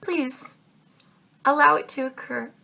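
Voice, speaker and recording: Earnest, higher-voiced woman tarot reader. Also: steady tone, slow, vocal fry, pushed and bright. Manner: earnest, repetitive, calls listeners babe and darling; emphatic, insistent advice. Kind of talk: tarot reading to viewers.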